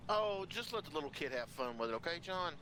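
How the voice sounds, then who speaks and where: A man with a slightly high voice chats on a game stream, teasing and egging the others on. Clear noise sits behind him on his mic. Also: very animated, fairly quick. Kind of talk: casual chat while streaming a game. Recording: noisy mic.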